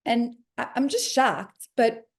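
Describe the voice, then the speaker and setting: A woman in her forties, speaking with a New Jersey accent, tells a story as a guest on an interview. Her voice is slightly high and slow, and she performs each quoted line with animated changes in delivery.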